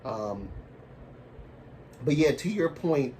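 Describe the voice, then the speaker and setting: A very animated livestream host with a mid-range, slightly mellow voice talks unhurriedly, leaving long pauses. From the American South and Baltimore, he chats casually in a rambling, self-correcting way, laughing at his own remarks and coughing lingeringly, far from the mic amid a little hiss or hum.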